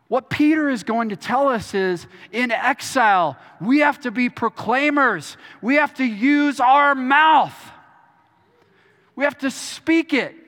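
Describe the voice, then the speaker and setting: High-voiced bright pastor preaching in a hall. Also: male voice, animated, slow pace. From Texas. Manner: earnest, repeats words and restarts often. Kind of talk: sermon. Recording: long hall reverb.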